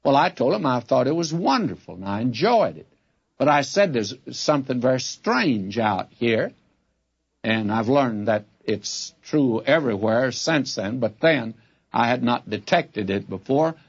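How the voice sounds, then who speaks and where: Older male pastor, husky mid-range voice, folksy preacher on a muffled vintage radio broadcast. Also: mid-range voice, expressive, normal speed. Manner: folksy, direct address to listeners. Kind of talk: radio Bible teaching sermon. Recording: dull lo-fi old radio recording.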